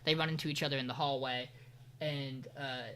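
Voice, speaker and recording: A man chatting on a podcast, walking his co-hosts through an anime's latest episode. He talks in a loose, rambling way, drops casual profanity and slips in sarcastic asides. His voice sits bright and forward. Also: mid-range voice, fairly even intonation, a little fast, a little hiss or hum. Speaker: podcast co-host. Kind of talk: casual anime recap chat.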